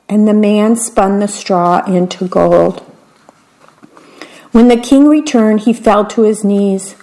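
A woman reading a fairy tale aloud, gentle with wry asides. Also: mid-range voice, a little slow. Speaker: storyteller.

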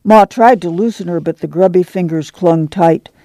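A man narrating a literary novel as an audiobook, in a steady, unhurried storytelling manner. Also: high voice, dry recording.

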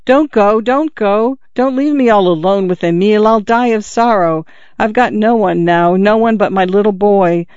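A woman's voice: mid-range voice, moderate pace, darkish tone, clear, resonant tone, dry recording, voice pushed up, natural voice. A man voicing a grieving young housekeeper who pleads tearfully and emotionally, in a dull lo-fi recording. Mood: pleading.

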